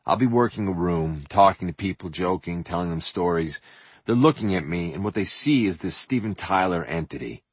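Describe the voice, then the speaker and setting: A man reading his own memoir aloud for an audiobook, animated and profane, with a husky voice, recorded in a booth. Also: sits low, moderate pace, dry recording. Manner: animated and profane, acts out quotes and sings snippets. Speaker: memoir narrator.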